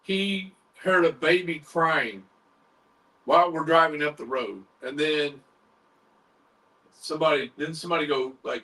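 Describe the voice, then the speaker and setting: Man, paranormal show host, casual storytelling, high voice, bright tone, a bit off-mic. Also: measured pace, long pauses, distant mic, poor audio. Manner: animated, retells others' words in quotes, swears casually.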